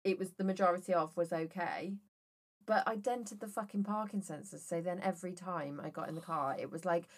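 A woman in her thirties with a fairly low voice co-hosts a casual podcast. She tells rambling, anecdotal stories and swears freely as she goes. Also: a little fast. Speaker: podcast co-host. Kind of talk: casual chat.

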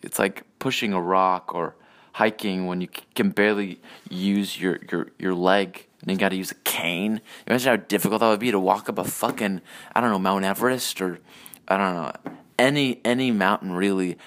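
A young man rambling through a personal rant, swearing often and halting with restarts and fillers. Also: on the low side, a bit bright. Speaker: solo podcast host.

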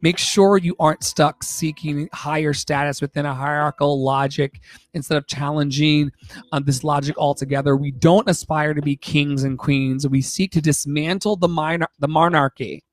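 A man co-hosting a casual podcast, reading a passage aloud with animated, profane emphasis. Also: a little high, normal speed. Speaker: podcast co-host.

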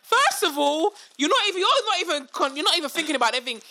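A young woman in casual chat, telling stories in an animated way, swearing freely and acting out what people said. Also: high voice, rapid-fire. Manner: animated storyteller, swears freely, acts out quotes.

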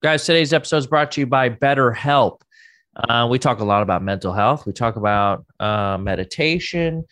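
A man's voice: on the low side, no echo, studio quality. A man co-hosting a podcast, reading an ad and chatting casually with many fillers. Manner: relaxed, hesitant with many fillers. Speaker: podcast co-host. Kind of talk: casual chat and host-read ad.

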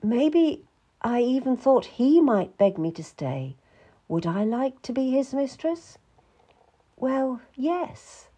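A woman reading a first-person historical novel aloud in a measured, reflective way. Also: high voice, sing-song, dark tone, slightly rough. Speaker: audiobook narrator.

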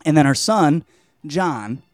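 A man's voice: fairly high pitch, expressive, slow pace, dry recording, faint music behind. A young man casually retelling a novel on his vlog, rambling and full of slang and swearing. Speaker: book reviewer, vlog host. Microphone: camera mic.

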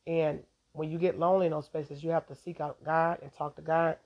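A woman's voice: deep voice, level tone, fairly quick. A woman hosting a podcast, giving a casual, rambling devotional talk and laughing often, on a dull lo-fi recording.

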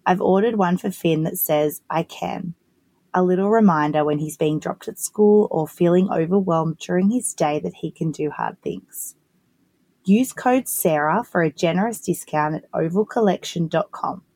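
Low-voiced woman reading an ad. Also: moderate pace, dry recording. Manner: steady, promotional. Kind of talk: podcast ad read.

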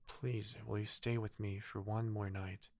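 A man with a Korean first language voicing a gentle, sorrowful statue prince in a soft, hushed, pleading way. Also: on the low side, level tone, a little slow, no room sound, studio quality.

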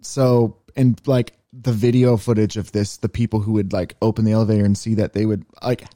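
A man's voice: on the low side, little pitch movement, a little fast, warm tone, dry recording, studio quality. A man co-hosting a podcast in casual chat, rambling through explanations with lots of fillers. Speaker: podcast co-host.

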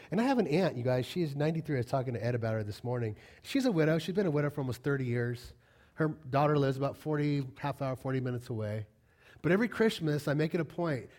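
A man preaching a sermon, talking casually to the congregation and building to loud, passionate peaks. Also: mid-range voice. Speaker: pastor. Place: church.

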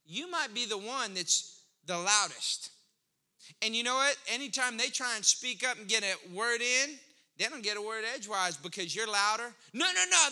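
Male pastor, very high voice, bright tone, animated conversational sermon delivery. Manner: conversational, animated preaching with rising emphasis.

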